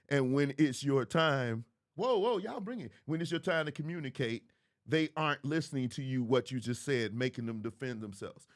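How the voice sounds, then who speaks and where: A man, hosting a livestream commentary in an emphatic, preachy way, repeating phrases for effect. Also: medium pitch. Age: 40s. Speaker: host.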